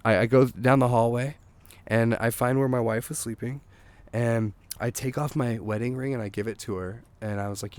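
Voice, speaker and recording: A man talking outdoors as a guest, spinning a long, rambling story at a mid pitch. He swears freely and slips into the voices of the people he's quoting. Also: normal speed, smooth. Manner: rambling, animated, swearing, acts out quotes. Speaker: guest songwriter. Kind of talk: casual anecdote telling.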